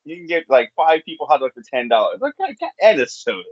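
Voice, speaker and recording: A man co-hosting a podcast in casual chat, swearing freely and making blunt, deadpan asides. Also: a little high, fast talker, dry recording. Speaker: podcast co-host. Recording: slightly dull lo-fi mic.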